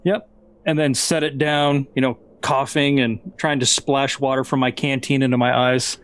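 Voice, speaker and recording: A man's voice: mid-range voice, flat delivery, moderate pace, a bit bright. A man playing in a tabletop game over a video call, thinking aloud with restarts and some blunt swearing. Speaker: player. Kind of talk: casual tabletop game chat.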